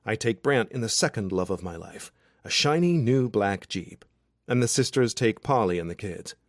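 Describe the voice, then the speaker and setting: Man, audiobook narrator, first-person romance, wry, expressive, low voice, dry sound. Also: normal speed, dry recording. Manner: wry, expressive, self-deprecating.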